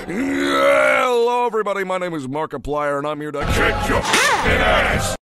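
Gravelly gloating villain, played by a man. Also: high-pitched, very animated, unhurried, over loud music, heavily acted. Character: gloating cackling male supervillain. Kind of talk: comedy sketch.

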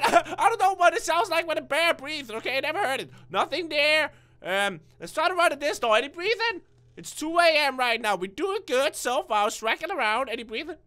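A man's voice: very high-pitched, very animated, moderate pace, pushed and bright. A man giving let's-play commentary, nervous and stuttering, who bursts into screams when startled. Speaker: gaming video creator.

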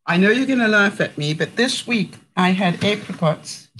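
A woman's voice: medium pitch, animated, moderate pace, a bit bright, slight background noise, low-quality recording. A chatty middle-aged woman from Canada cooking in her home kitchen during a live stream, talking to her viewers and laughing often. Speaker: vlogger. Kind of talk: casual live cooking demonstration.

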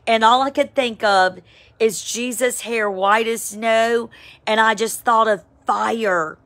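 A woman, giving a casual, emphatic spoken devotional, with sudden excited high cries. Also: slow pace. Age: 50s. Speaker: Christian devotional vlogger. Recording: home, with a siren outside.

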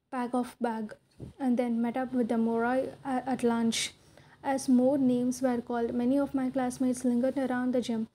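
Woman amateur audiobook narrator, mellow, stumbles and self-corrects. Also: a little high. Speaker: audiobook reader. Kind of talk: first-person audiobook narration.

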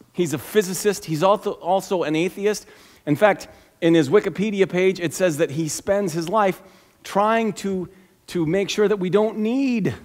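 A man, the pastor, preaching a sermon, swinging from loud emphatic passages to hushed, slow, awed lines. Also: on the high side. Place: church sanctuary. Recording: long reverb of a church hall.

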